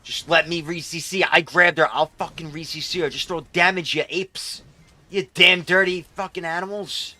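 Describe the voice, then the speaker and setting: A young man streaming live, commenting on his gameplay in an excitable, profane, rambling way. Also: fairly high pitch, normal speed.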